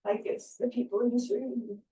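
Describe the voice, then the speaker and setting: A woman speaking at an academic conference, giving a halting, heartfelt tribute with many fillers, recorded in a lecture room. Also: on the high side, level tone, dark tone. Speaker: invited speaker. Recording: echoey room, distant mic.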